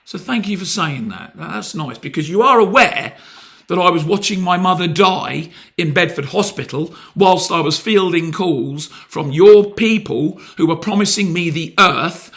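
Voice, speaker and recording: A man's voice: high-pitched, measured pace, a bit bright. A British man making a heated, blunt complaint on a phone call, pressing and sarcastic. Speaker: complaining customer.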